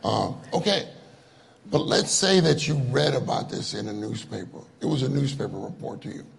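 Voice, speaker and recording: A man's voice: mid-range voice, sing-song, moderate pace, vocal fry. A man giving a conversational sermon, joking and laughing with the audience as he asks them questions. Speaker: conference speaker.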